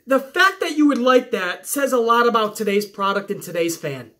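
A woman tears into last night's wrestling show in a profane recap rant. Her voice sits high and sounds bright and sharp. She keeps an exasperated, sarcastic edge and swears often. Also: lively intonation, moderate pace.

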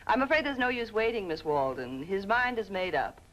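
An actress in a 1940s film playing a brisk, sly secretary who talks in a dry, coy manner. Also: female voice, mid-range voice, big pitch swings, highs cut off, lightly acted.

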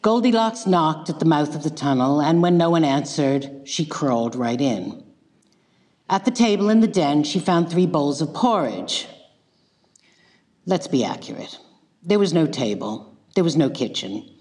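Woman lecturer, wry deadpan delivery, lively pitch, echoey hall. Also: a little slow. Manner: dry, ironic, deadpan asides. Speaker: guest lecturer. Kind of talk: public lecture, retelling a tale.

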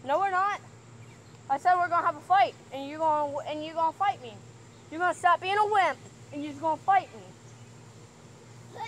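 High-voiced young woman teasing playfully. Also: moderate pace, long pauses, a bit bright, a little hiss or hum. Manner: playful, teasing trash talk. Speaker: vlogger. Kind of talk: casual home vlog. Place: house, indoors and outside.

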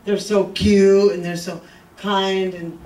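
A man's voice: high-pitched, flat delivery, slow pace. Fervent older male pastor, echoey church. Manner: fervent preaching that rises to shouts, with joking asides. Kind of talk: sermon. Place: church sanctuary. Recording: echoey, distant room recording.

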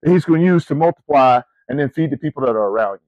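A middle-aged man preaching a sermon in an animated, conversational storytelling style, calling his listeners family and y'all, with rising emphatic questions. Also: mid-range voice, fast talker, dry recording, muffled recording. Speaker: preacher and camp ministry CEO. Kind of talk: sermon to student athletes.

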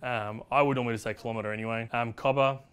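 A man's voice: mid-range voice, fairly even intonation, fast talker, fairly bright tone, clear, resonant tone. An Australian man explaining slang in casual, chatty talk, full of fillers, hopping from one word to the next.

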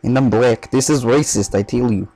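A man putting on a mock Russian accent as a deadpan, trash-talking gamer persona. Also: medium pitch, normal speed, soft background music, natural voice, poor audio. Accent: put-on Russian.

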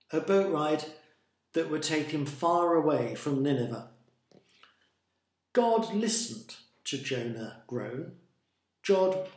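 Man, church storyteller, unhurried, echoey room. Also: a little high. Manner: slow, deliberate, expressive telling. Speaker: church storyteller presenting a daily reflection. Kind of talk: storytelling reading of a Bible story.

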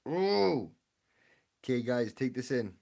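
Excitable man chatting on a live stream. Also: medium pitch, slow, vocal fry. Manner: excitable, chatty, talks to viewers. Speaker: streamer opening card packs. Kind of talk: casual live-stream chat.

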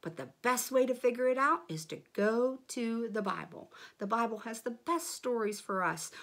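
A woman leading a children's church lesson, speaking in an encouraging way to kids. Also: medium pitch.

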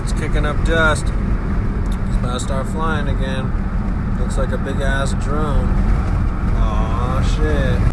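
A man vlogging on a road trip, crude and excitable, swearing constantly as he talks. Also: mid-range voice. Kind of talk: profane outdoor travel vlog. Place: outdoors at nature spots on a road trip. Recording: loud outdoor noise, wind and vehicles.

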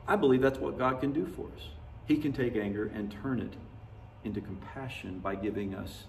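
A man's voice: on the low side, normal speed, a little mellow, a little hiss or hum. A man preaching a sermon as pastor, telling stories in a folksy, conversational way and laughing at himself. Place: church sanctuary. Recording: roomy, distant church mic.

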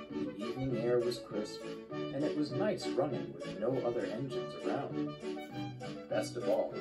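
A man narrating a children's train story in a measured, expressive storytelling manner. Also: medium pitch, rough recording. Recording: loud background music.

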